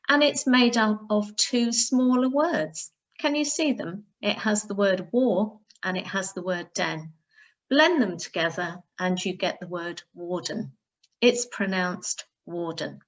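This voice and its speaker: Woman teacher, unhurried and deliberate, mid-pitched, breaks words into parts for young readers. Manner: slow, careful, instructive, sounding out words. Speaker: primary school teacher. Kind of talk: recorded reading lesson for pupils.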